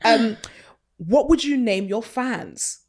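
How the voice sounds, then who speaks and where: A young woman hosts a relaxed podcast chat. Her delivery is cheeky and slangy, and laughter keeps breaking into her banter. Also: a little high, takes it slowly. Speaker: podcast host. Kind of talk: casual chat.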